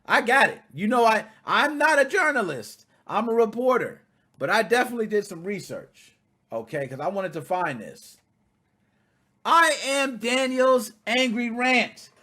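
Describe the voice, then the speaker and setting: Lively, bright-voiced man riffing to viewers. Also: high voice, moderate pace, slightly rough. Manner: animated, blunt and profane, talks straight to viewers. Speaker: commentary channel host. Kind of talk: casual commentary.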